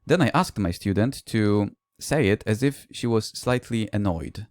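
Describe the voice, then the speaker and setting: A man's voice: on the low side, measured pace, darkish tone, no echo. A man, a language teacher, giving a recorded conference presentation that mixes explanation with classroom anecdotes and the odd "uh".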